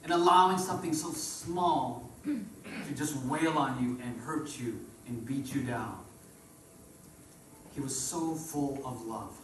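A man's voice: medium pitch, slow pace, fairly bright tone, a little hiss or hum. Preaching man in an echoey church. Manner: call-and-response preaching, rises and drops in volume. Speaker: pastor. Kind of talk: sermon. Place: church sanctuary. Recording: roomy church echo from far off.

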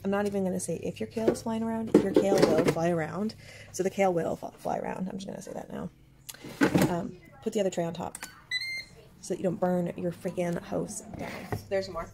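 A middle-aged woman chatting casually through a home cooking demo, upbeat and thinking out loud with fillers. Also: on the low side, fairly even intonation, brisk, gravelly, very noisy. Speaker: home cook vlogger. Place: home kitchen.

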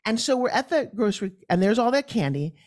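A middle-aged woman speaking as a guest in an interview, telling lively stories and acting out other people's voices. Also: fast. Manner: acts out quoted voices with big pitch jumps. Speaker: guest, pitch expert. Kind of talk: animated storytelling interview.

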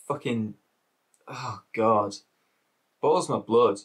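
A man's voice: medium pitch, moderate pace, fairly bright tone. A man with an English Midlands accent ranting casually as a reaction video host, swearing and repeating himself.

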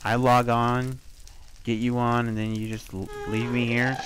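A man's voice: mid-range voice, flat delivery, unhurried, a bit bright. Chatty man narrating his gameplay. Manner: chatty, talks to game creatures, swears often. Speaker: gameplay commentator. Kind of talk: casual let's-play commentary.

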